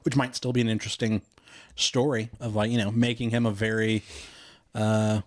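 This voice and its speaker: A man's voice: lowish voice, flat delivery, moderate pace, dry recording. A man co-hosting a podcast, retelling a film in a casual, rambling way, with lots of "you know" and "like". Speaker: podcast co-host.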